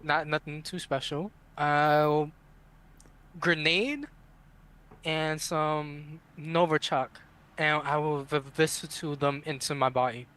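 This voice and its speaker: A man's voice: fairly high pitch, fairly even intonation, slow pace, fairly bright tone, clear, resonant tone. A man playing in a tabletop game, laid back, chuckling between words. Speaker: player. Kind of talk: casual tabletop play.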